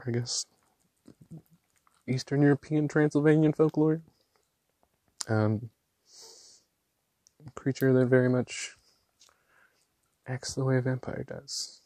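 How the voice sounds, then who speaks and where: A man chatting casually while swatching inks, gushing and excitable, with slangy talk and lots of fillers. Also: medium pitch, slow, long pauses, dry recording. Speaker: ink swatching vlogger.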